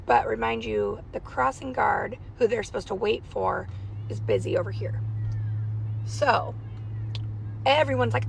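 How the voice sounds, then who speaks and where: Young woman, casual car vlog, rambling anxious storyteller, gravelly fry, faint car noise. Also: fairly high pitch, brisk, poor audio. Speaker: parent vlogger. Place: in a car in a school pickup line. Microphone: phone held in car.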